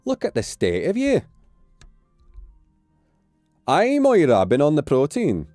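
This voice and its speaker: A man's voice: a little high, huge pitch swings, takes it slowly, dark tone, no room sound, clean studio sound, soft background music, voice pushed up, exaggerated voice. A man putting on a Scottish accent to play a brash, teasing Scottish local man. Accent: put-on Scottish.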